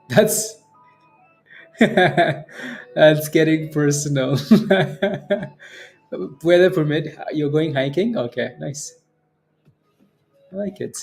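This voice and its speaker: A man hosting a day-trading livestream, chatting casually with viewers between market remarks, relaxed, with frequent fillers and chuckles. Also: a little high. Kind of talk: casual livestream chat reading viewer comments.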